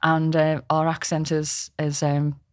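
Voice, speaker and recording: A woman's voice: sits low, completely flat delivery, a little slow. A woman from Liverpool with a Scouse accent, co-hosting a podcast in casual, chatty talk full of local slang and frequent laughter. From Liverpool, England. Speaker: podcast co-host. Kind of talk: casual chat.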